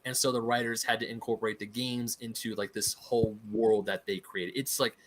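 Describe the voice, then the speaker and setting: An American man hosting a relaxed video game podcast, talking with eager, laughing enthusiasm. He rambles happily through nerdy tangents in a conversational tone. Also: mid-range voice, fairly quick. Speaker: podcast host. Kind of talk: casual podcast chat.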